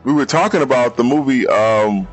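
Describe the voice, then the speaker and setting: A man's voice: mid-range voice, expressive, normal speed, faint music behind, low-quality recording. A man co-hosting a podcast, talking bluntly and emphatically in casual movie chat, repeating himself. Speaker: podcast co-host.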